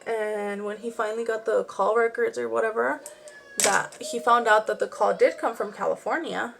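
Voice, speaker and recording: A woman's voice: a little high, steady tone, moderate pace, vocal fry, noisy background. A young woman telling a true crime story in a chatty, rambling way while doing her makeup at home. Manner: chatty, rambling, with frequent "like" and asides. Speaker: beauty and true crime vlogger.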